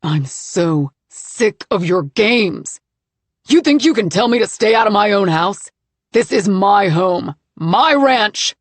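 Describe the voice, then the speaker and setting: A woman voicing an enraged adult man who shouts and snarls at his wife. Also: medium pitch, animated, slow, dry recording. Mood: snarling. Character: furious swearing adult male rancher husband.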